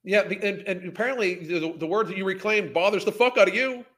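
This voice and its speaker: Male podcast host, high bright voice, profane incredulous rant. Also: brisk. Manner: profane, exasperated, incredulous ranting. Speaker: podcast host reacting to clips. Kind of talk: ranting commentary.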